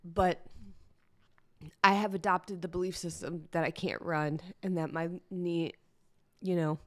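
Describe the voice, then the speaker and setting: A woman's voice: lowish voice, fairly even intonation, measured pace, a bit bright, no room sound, studio quality. A woman hosting a personal solo podcast, talking candidly and chattily, teary-eyed at times. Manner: candid, emotional, chatty with fillers. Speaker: podcast host.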